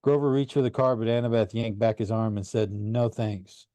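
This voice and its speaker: A man reading a first-person story aloud in an earnest, animated way. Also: medium pitch, fast, smooth, no echo. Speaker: audiobook reader. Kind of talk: first-person audiobook narration.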